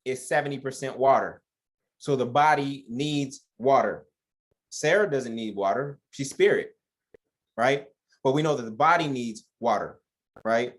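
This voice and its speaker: A man's voice: mid-range voice, unhurried. A man leading an informal Bible study who reads verses aloud and comments on them in a joking, conversational way, addressing listeners as y'all.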